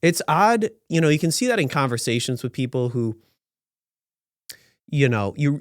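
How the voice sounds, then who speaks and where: A man's voice: medium pitch, no echo. Sarcastic rambling man, dry sound. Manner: sarcastic, rambling, with many restarts. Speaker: podcast host. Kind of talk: sarcastic commentary on news.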